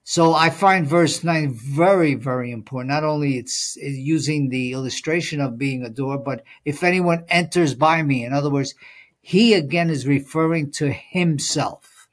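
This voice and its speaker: A podcast co-host, male, with a higher-than-average voice and an ordinary speaking pace. In a laid-back Bible study discussion he reflects carefully, drops in frequent fillers, and reads verses aloud.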